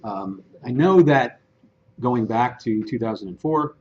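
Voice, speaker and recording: A man presenting a training session in a casual, animated way, mid-pitched and lively. The recording is a little muffled, with faint room hiss behind him. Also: a little slow. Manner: animated, conversational, acts out dialogue. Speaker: real estate agent and trainer.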